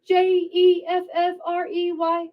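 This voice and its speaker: A woman's voice: very high-pitched, completely flat delivery, slow, pitched above the performer's own voice. Woman playing a stammering, panicking man. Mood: panicked. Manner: stammering, frantic repetition. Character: panicking man confessing to police. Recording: dull lo-fi sound.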